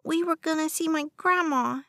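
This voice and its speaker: A woman's voice: unhurried, sharp tone, no echo, clean studio sound, heavily acted. A woman doing a whiny little boy. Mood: pleading. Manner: high, whiny and pleading. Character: whiny small boy, tearful and pleading.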